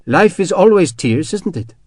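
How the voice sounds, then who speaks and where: A man voicing a shaken young French woman who speaks softly and sadly. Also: high-pitched, expressive, unhurried, dry recording, studio quality, pitched above the performer's own voice. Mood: subdued.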